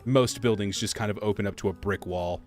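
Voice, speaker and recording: A man hosting a casual game livestream, greeting viewers by name and answering their chat in a relaxed, joking way. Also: on the low side, a little fast. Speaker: streamer host. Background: soft jazz music.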